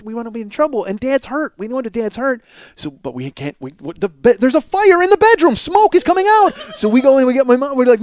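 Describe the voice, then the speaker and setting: A man in his forties hosting a podcast, telling a comic story from his childhood in an animated, profane way. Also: dry recording. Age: 40s. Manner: animated, profane, acts out voices with big pitch swings. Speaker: podcast host.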